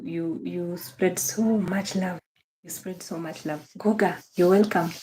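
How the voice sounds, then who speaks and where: A young Kenyan woman with a lowish, dark-toned voice hosts a casual livestream. She greets viewers by name, gushes praise and thanks, and keeps repeating her phrases.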